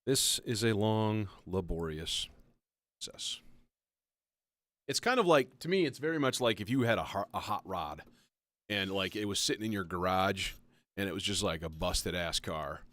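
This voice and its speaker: A man with a very deep voice hosts a relaxed livestream, rambling as he works and mocking himself, with the odd curse thrown in. The recording is dry and close, with no room sound. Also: moderate pace, no room sound. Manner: rambling, self-mocking, swears often. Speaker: livestream host building a modular synth. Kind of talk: casual livestream chat while working.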